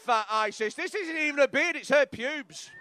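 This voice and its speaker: A man's voice: extremely high pitch, moderate pace, bright, forceful tone. A man doing stand-up crowd work on a club stage, brash and crude, mocking hecklers with lots of swearing. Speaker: stand-up comedian.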